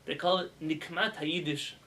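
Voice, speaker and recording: Bright-voiced rabbi teaching a class. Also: male voice, a little high, normal speed, a little hiss or hum, low-quality recording. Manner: animated, demonstrates pronunciations with raised voice; asks students questions as he teaches. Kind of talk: casual spoken lesson. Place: classroom with students.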